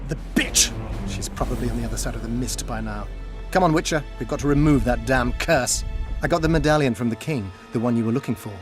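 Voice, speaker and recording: A man's voice: medium pitch, quick pace, over music, natural voice. An actor playing a brusque male soldier who curses and urges the hero on in a video game. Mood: urgent.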